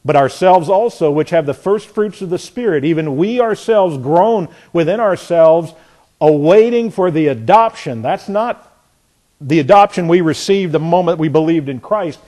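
A man preaching a sermon, questioning the congregation and reading scripture aloud, building from soft to emphatic. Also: on the high side, expressive, moderate pace. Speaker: pastor.

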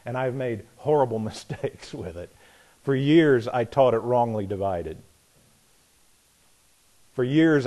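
Man, middle-aged, pastor, sermon testimony, lively rise and fall, storytelling. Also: medium pitch. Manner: storytelling, swings from loud excitement to hushed quiet.

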